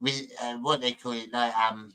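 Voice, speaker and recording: A man talks over a video he is watching in a loose, mocking, rambling way. His voice is bright and forward, and he trips over his words as he jokes. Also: medium pitch, little pitch movement, moderate pace, clean tone. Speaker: host reacting to a video. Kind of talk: casual reaction commentary.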